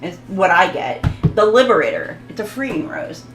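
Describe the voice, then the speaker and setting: A woman's voice: fairly low pitch, very animated, moderate pace, loud music behind the voice, low-quality recording. A woman hosting a casual live tarot reading, chatting with viewers, laughing often and stumbling over foreign words. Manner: talks to viewers in the chat.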